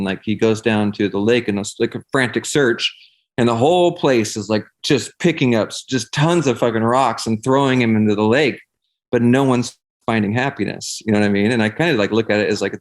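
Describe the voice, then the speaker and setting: A young man speaking in a somewhat low voice, chatting loosely as a podcast guest. He rambles through his thoughts with plenty of swearing and filler words. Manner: rambling, profane, heavy use of "like". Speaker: podcast guest, singer and life coach. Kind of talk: casual conversation.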